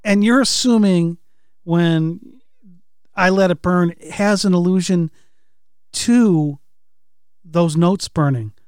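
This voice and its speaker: Slightly high-voiced man, dry sound. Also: slow, long pauses, darkish tone, clean tone, no echo. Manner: speculative, questioning, conversational. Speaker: podcast co-host. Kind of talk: casual analytical chat.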